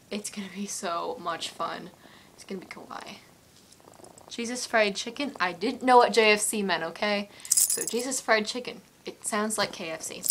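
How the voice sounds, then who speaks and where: A woman's voice: mid-range voice, a little hiss or hum. Giggly, rambling young woman vlogger. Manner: excitable, emotional storytelling. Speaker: vlogger answering fan questions. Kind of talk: casual Q&A vlog. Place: at home with her cat.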